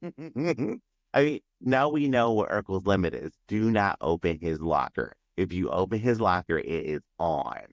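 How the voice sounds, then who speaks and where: Man, podcast co-host, deep voice, calm and measured, dry close sound. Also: dry recording. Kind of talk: casual recap chat.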